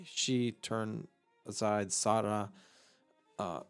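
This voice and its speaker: Man, mid-pitched, very slow and halting delivery, full of fillers, teaching vocabulary over faint music. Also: fairly even intonation, gravelly. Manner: slow and halting, thinking aloud with many fillers. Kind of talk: unscripted vocabulary lesson.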